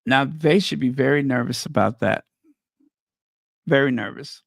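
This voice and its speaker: A man who talks slowly and deliberately, reading out headlines and then weighing in with casual, opinionated remarks. His voice sits at an ordinary middle pitch. The recording is dry and close, with no room sound. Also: vocal fry, no echo. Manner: reads headlines aloud then reacts with opinionated asides. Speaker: commentary channel host. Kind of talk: casual commentary on news headlines.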